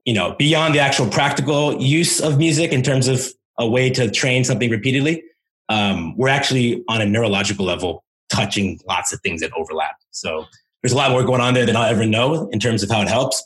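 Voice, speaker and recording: A man's voice: fairly low pitch, fairly quick, a bit bright. Man, language coach, podcast guest, enthusiastic, explanatory. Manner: enthusiastic, explanatory, demonstrates sounds aloud. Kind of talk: podcast interview answers.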